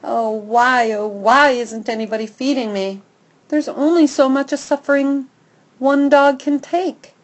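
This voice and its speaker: A woman voicing an excitable young male dog who is food-obsessed and dramatic, whining and pleading over the top in a storybook. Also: sits high, a little slow, pitched above the performer's own voice.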